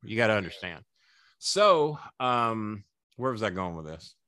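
In no hurry, a man with a fairly low-pitched voice recounts tales from his days as a wrestling manager, guesting on a podcast. He swears openly and dramatizes the words of the people in his stories, and the studio audio has no echo.

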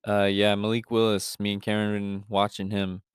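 A man's voice: fairly low pitch, monotone, moderate pace, clean tone, no room sound, clean studio sound. A young man co-hosting a sports podcast, ranting emphatically with fillers. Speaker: podcast co-host. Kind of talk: casual sports chat.

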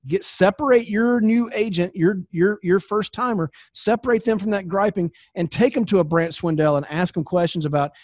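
A man's voice: sits high, moderate pace, few pauses, darkish tone, dry recording, clean studio sound. A middle-aged man giving a folksy, preachy sales training talk, laughing at his own asides. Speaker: network marketing trainer. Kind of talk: motivational training talk to camera.

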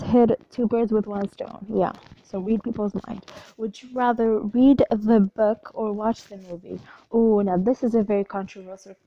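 Young woman, vlogger, loud, talkative, casual chat, dry close sound. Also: medium pitch, dry recording, highs cut off. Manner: chatty, animated, loud and talkative. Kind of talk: casual chat answering would-you-rather questions.

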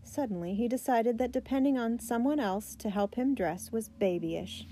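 A woman narrating a children's biography aloud, steady and gentle. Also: a little high, normal speed, a little hiss or hum.

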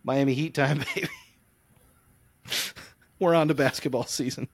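Animated young man with a dry voice. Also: mid-range voice, moderate pace, breathy edge, no room sound. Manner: animated, comic storytelling, rants. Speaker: podcast co-host. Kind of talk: casual chat.

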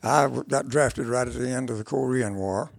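An older man with a gravelly, creaky voice drifts through one memory after another as a guest in a relaxed interview. The sound is close and dry, with no room around it, and he often starts over mid-sentence. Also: medium pitch, dry recording. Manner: rambling, unhurried recollection with restarts. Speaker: interview guest, country musician. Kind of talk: casual storytelling interview.

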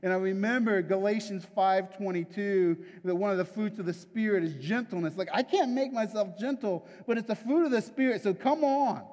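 A man's voice: sits high, a little fast, few pauses, darkish tone. A man preaching a sermon in a conversational, confessional way, often checking in with the listeners. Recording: long hall reverb.

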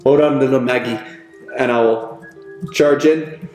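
A man's voice: mid-range voice, fairly even intonation, a little slow, darkish tone, soft background music. Man playing a tabletop game, echoey room. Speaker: player. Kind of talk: casual tabletop game play.

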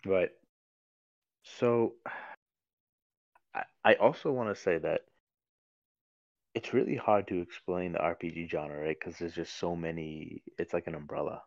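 A man's voice: sits low, measured pace, vocal fry, long pauses, no echo, highs cut off. A man talking casually about video games on a podcast, rambling with many fillers and restarts. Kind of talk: casual chat.

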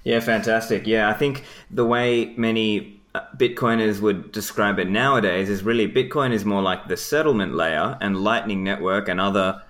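A man with a fairly low voice hosts a podcast interview. He sounds relaxed and friendly and puts his questions casually, with the occasional filler. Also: normal speed, hardly any pauses. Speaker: podcast host.

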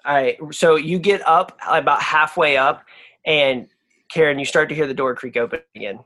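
Young guy game master, rambly, a bit higher voice. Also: normal speed, bright, forceful tone. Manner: loose, rambling, full of fillers. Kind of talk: narrating a tabletop game.

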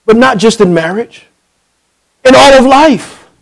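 A man from New Jersey preaching a sermon as pastor, swinging between loud punchy bursts and hushed, intimate pleading, calling out for amens and acting out conversations. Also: extremely high pitch, animated, a little slow, vocal fry, rough recording. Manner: calls for amens, acts out dialogue.

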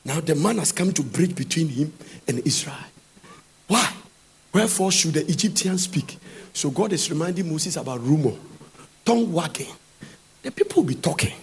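A man preaching a sermon, reading Bible verses aloud and breaking into fervent, sing-song shouts. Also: fairly high pitch, animated, normal speed, gravelly, long pauses, husky.

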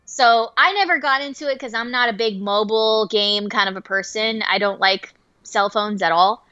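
A woman co-hosting a podcast and telling a work story in an animated, profane way, full of fillers. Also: on the high side, moderate pace, clear, resonant tone, no room sound. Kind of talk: casual storytelling. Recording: dull dry lo-fi sound.

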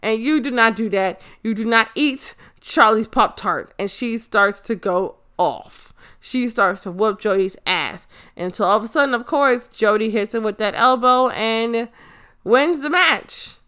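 Young woman host, bright tense tone, quick profane wrestling recap with lots of "uh"s. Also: a little high, clean tone. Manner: excitable, swears freely, loses track of names. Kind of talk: casual recap of a wrestling show.

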